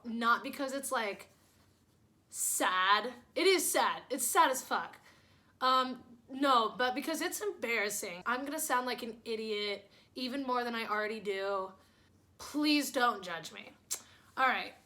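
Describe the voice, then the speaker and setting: Young woman, under twenty-one, from Missouri, high voice, casual storytime vlog, candid, swears freely. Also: pushed and bright. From Springfield, Missouri. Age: young adult, under twenty-one. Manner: chatty and candid, swears freely, self-mocking. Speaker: vlogger.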